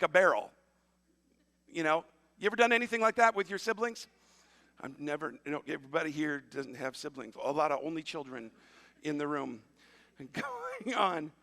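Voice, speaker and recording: A man preaching a sermon as pastor, retelling a story in a lively, conversational way with asides to the congregation. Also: a little high, gravelly, in a large hall. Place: church auditorium.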